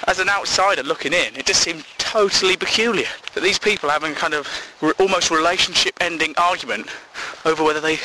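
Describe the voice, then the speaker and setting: A man rambling through a silly comic monologue, out of breath and amused at his own jokes. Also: noisy background. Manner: silly, self-amused, jumps into high put-on voices. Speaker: comedy podcaster.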